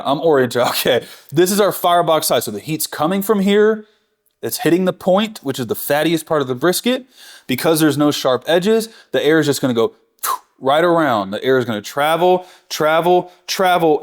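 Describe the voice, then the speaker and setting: An enthusiastic man teaching barbecue as he works, chatty and encouraging. He talks at an ordinary middle pitch, fixing his slips on the fly in a casual, hands-on way. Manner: enthusiastic, chatty, self-correcting. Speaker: barbecue instructor. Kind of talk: real-time cooking tutorial.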